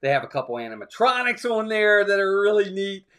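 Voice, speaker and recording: A man on a theme park livestream co-hosts a casual chat, telling a rambling story in a high-pitched, bright and forceful voice with big pitch swings, going a little fast. He quotes people as he goes and acts out the quotes and ride motions.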